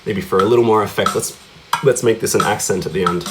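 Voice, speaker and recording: A man with a lowish voice talks quickly over a noisy background while giving a relaxed cajon lesson. He's chatty, keeps checking in with tag questions like "yeah?" and "right?", and counts beats aloud while vocalizing the drum sounds.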